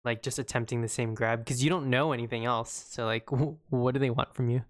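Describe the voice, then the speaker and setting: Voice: mid-range voice, fairly even intonation, brisk, no room sound. A podcast co-host with a mid-range voice, recorded dry and close. They ask curious questions in a casual, hesitant way, often laughing along. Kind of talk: casual chat.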